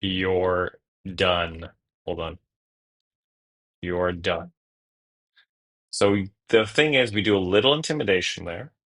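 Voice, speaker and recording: This young man streams card play while thinking out loud, tossing in jokes, muttered remarks, and the occasional curse. He's low-pitched and a bit bright, speaking slowly with long pauses.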